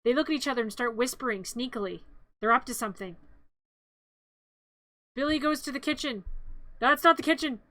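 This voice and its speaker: A woman's voice: sits high, brisk, long pauses, bright, forceful tone, no echo. A woman streamer narrating a movie in a playful, rambling, chatty way with little quips.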